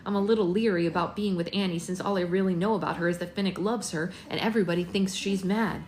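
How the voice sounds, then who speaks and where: A woman hosting a live book club from home, reading a novel aloud in a gentle, unhurried voice and breaking into soft singsong baby talk to her infant. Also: lowish voice, fairly even intonation, a little hiss or hum. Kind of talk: live read-aloud with casual asides.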